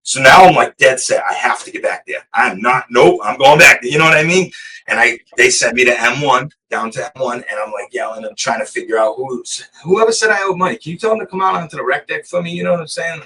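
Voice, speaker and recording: A man from Massachusetts tells a story on a podcast, rambling and swearing freely and often checking in with "you know what I mean". His voice is bright and sharp. He sounds a little distant from the microphone. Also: mid-range voice, fast. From Massachusetts, USA. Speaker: podcast guest. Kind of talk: casual storytelling of prison life.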